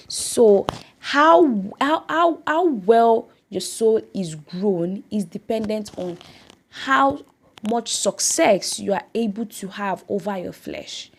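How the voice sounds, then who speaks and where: A woman's voice: medium pitch, vocal fry, darkish tone. A woman hosting a devotional podcast, speaking in an earnest, exhorting way and repeating phrases for emphasis. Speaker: podcast host.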